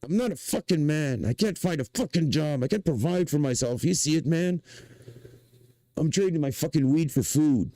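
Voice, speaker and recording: A man from Canada with a Quebec French accent, ranting excitably on a livestream, swearing and saying "man" again and again. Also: fairly high pitch, normal speed, no echo. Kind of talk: casual livestream rant.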